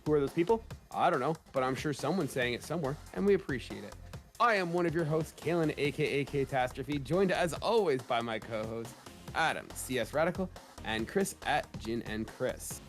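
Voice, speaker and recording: A man in his thirties hosts a chatty podcast with lively, jokey emphasis. His voice carries a slight roughness left over from a cold. Faint music sits under the opening. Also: fairly high pitch, fairly quick. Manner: animated, jokey, rising emphasis. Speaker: podcast host. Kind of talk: casual podcast chat.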